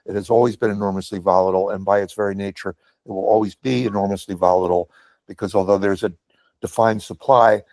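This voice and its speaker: A man's voice: lowish voice, steady tone, fast talker, a little mellow, no room sound. A man in a meeting discussion, making his points emphatically and stressing key words. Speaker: meeting participant. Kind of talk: discussion comment.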